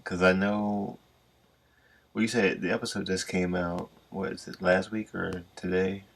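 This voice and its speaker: A man's voice: deep voice, little pitch movement, measured pace, vocal fry, breathy edge. A young man hosting a podcast, casually prompting his guest with laid-back questions. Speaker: podcast host.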